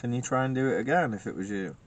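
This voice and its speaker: With an animated, mid-range voice, a man fires off his words rapidly. Chatting casually from inside a car at night, this paranormal investigator jokes and laughs often while asking the spirits pointed questions, all on a noisy field recording.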